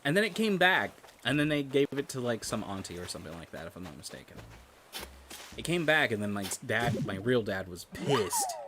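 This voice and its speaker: A man's voice: mid-range voice, very animated, fairly quick, background noise. A man chatting casually while streaming a game, telling rambling stories and swearing freely. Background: game music.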